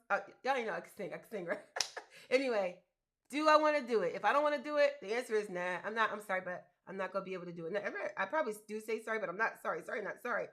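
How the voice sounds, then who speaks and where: A woman hosting a motivational live stream about grants for mothers, talking in an animated, emphatic, colloquial way. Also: medium pitch, fast. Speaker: host giving business grant advice.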